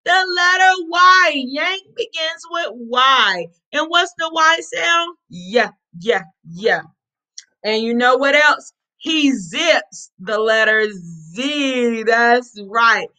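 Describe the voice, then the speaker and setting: A woman's voice: high voice, lively intonation, pushed and bright. A woman teacher reading a picture book aloud to young children, prompting letter sounds and praising them. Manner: encouraging, drawn-out letter sounds, sing-song prompts. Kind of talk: read-aloud phonics lesson for young children.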